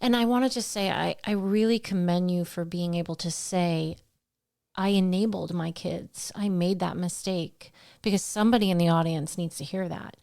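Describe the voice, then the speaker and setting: A woman's voice: on the low side, fairly even intonation, normal speed, vocal fry, a little mellow. A woman co-hosting a faith podcast, telling personal stories in an earnest, heartfelt way and acting out the voices in her retellings. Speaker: podcast co-host. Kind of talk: faith conversation, personal storytelling.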